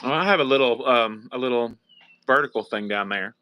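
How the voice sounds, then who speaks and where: Bright sharp-voiced guy on a live stream, friendly, bit hesitant. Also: medium pitch, fairly quick, no room sound, poor audio. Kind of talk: casual live-stream chat.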